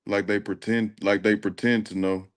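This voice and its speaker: A man co-hosting a livestream, chatting and reading scripture slowly. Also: lowish voice, flat delivery. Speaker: co-host. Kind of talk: casual chat, scripture reading.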